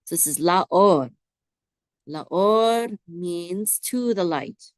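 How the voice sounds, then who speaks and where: Slow patient woman teaching Hebrew. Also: lowish voice, lively intonation, no echo. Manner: slow, drawn-out repetition, prompting listeners to say words back.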